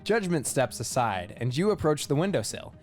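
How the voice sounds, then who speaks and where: A man reading a game's second-person narration aloud at a measured storybook pace. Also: fairly high pitch, sing-song, darkish tone, soft background music. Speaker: narrator in a game let's play.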